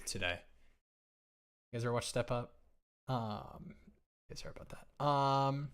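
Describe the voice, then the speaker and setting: A man co-hosting a live fantasy football stream, joking and laughing at his own lines with rambling asides, recorded at a home setup on a desk mic. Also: mid-range voice. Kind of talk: casual live-stream chat.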